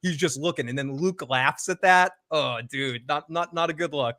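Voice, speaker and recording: Man, casual chat, joking, slightly high voice. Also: moderate pace, pushed and bright. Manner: joking, laughs easily. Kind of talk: casual live-stream chat.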